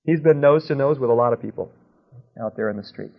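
A man's voice: medium pitch, fast, gravelly. A male Christian preacher giving a teaching talk, telling anecdotes and checking in with his listeners with "okay?". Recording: narrow, tinny phone-like sound.

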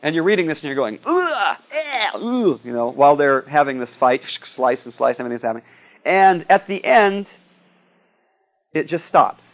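A man's voice: on the high side, a little fast. Lo-fi lecture from a man checking in. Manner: conversational, frequent "okay?" and "see?" checks. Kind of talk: classroom lecture.

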